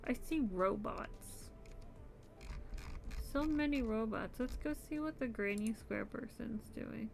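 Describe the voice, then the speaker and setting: A woman's voice: fairly high pitch, slow, vocal fry, a little hiss or hum. A young adult woman streaming her crochet, chatting casually and sounding sleepy and yawny. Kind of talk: casual live-stream chat.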